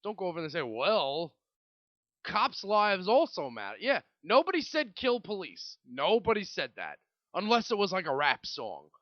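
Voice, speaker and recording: Animated New man ranting on a podcast. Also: high-pitched, dry recording, lo-fi sound. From Brooklyn, New York. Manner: ranting, swearing, rambling with restarts. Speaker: podcast host. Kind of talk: casual solo podcast monologue.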